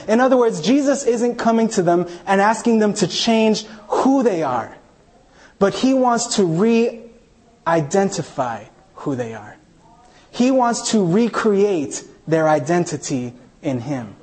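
This preacher from New York, United States, has a high, dark-tinged voice that moves slowly but with great animation. In his sermon he recounts something from his own life, performing the voices of those he quotes.

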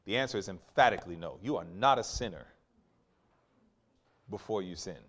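With a low, expressive voice, this preacher reads scripture with slow force and poses questions to his congregation, pausing for answers. His delivery moves from hushed asides to loud peaks.

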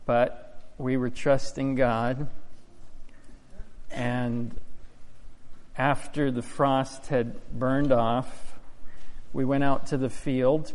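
A man giving a personal testimony to a congregation, telling his story in an earnest, halting way. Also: medium pitch, a little mellow. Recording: long hall reverb.

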